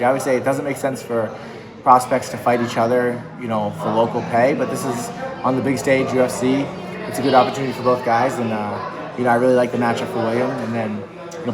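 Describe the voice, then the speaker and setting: A man's voice: medium pitch, low-quality recording. A man who coaches MMA, talking casually and upbeat in an interview, with lots of fillers. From New England.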